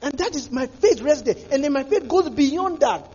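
Pastor preaching hard, really high voice, husky, bouncy pitch. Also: male voice, lively intonation, normal speed, a little mellow, dull audio. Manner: fervent, repetitive preaching with restarts. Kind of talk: sermon.

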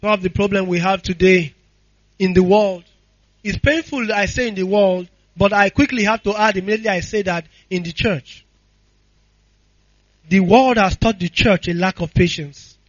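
A man's voice: high voice, dry recording, lo-fi sound. A man, preaching a sermon with impassioned call-and-response to the congregation. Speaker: pastor.

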